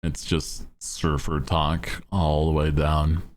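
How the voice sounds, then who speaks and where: A man's voice: rumbling low, level tone, takes it slowly. A male streamer chatting casually in a laid-back, slangy way and laughing often.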